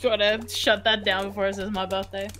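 A young woman chatting on a call with a friend during a game stream, joking and excitable. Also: mid-range voice, a little fast, soft background music. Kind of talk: casual chat on a call.

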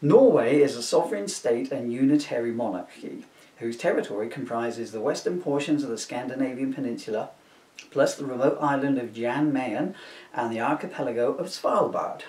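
A man's voice: medium pitch, animated, moderate pace, a little mellow, distant mic. A man reading from his own comic book, chatty and self-mocking, with asides. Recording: roomy echo, voice from off-mic.

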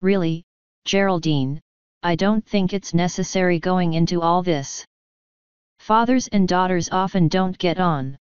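A woman's voice: on the low side, unhurried, smooth, dry recording, dull audio, natural voice. A woman reading an audiobook, voicing a firm, efficient middle-aged secretary with a determined manner.

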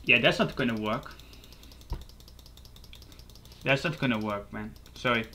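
A man giving casual live commentary over his own gameplay, excitable and quick to swear and laugh at his plays. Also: medium pitch, a little hiss or hum. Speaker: gaming YouTuber.

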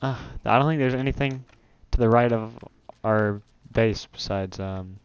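A smooth, resonant male voice chatting casually through a co-op game session, easily startled and quick to blurt out loud exclamations. It comes through a dull, lo-fi home mic. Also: on the low side. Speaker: let's play host. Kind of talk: casual gaming chat.

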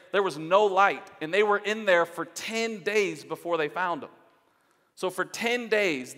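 Male pastor, somewhat high voice, earnest exhorting sermon, repeats phrases for emphasis, reverberant church hall. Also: fairly bright tone. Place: church sanctuary.

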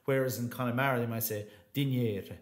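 A man's voice: medium pitch, brisk. An Irish man, an opera singer, chatting in an interview, with many restarts and fillers. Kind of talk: casual interview chat. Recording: roomy echo.

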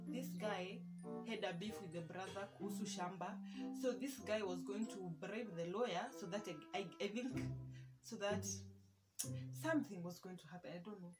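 A young Kenyan woman with a Kenyan accent telling a storytime vlog, chatty and self-mocking, dropping Swahili words into her English. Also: mid-range voice. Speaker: vlogger. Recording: music playing underneath.

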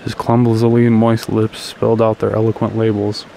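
A man reading a literary short story aloud in a low, very flat voice. His pace is measured and even, with small slips now and then. Faint noise runs underneath. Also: creaky, rough recording. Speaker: audiobook reader.

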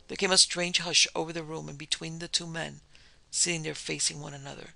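A man giving scripted audiobook narration of a ghost story in an even storytelling delivery. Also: a little high, a little fast, vocal fry, poor audio.

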